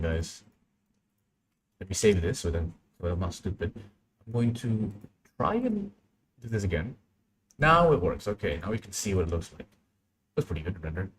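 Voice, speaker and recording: A young man chats half to himself as he works through a live stream, his voice sitting very low and relaxed. He mutters and restarts his thoughts casually, close to a desk mic. Faint room hum and mouse clicks sit behind him. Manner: muttering, thinking aloud while working.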